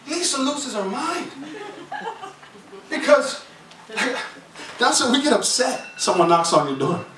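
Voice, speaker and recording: A man's voice: very high voice, very animated, takes it slowly, a crowd in the background. A man preaching a sermon as pastor, telling stories in a conversational, humorous way and drawing responses from the congregation. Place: church sanctuary. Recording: echoey hall from far off, with music.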